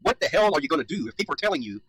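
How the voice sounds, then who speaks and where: Male commentator, fired up and emphatic, a touch higher-pitched, swears freely. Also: big pitch swings, rapid-fire, a bit bright, slightly rough, no room sound, poor audio. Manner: heated, emphatic, repeats points, swears. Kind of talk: reaction commentary.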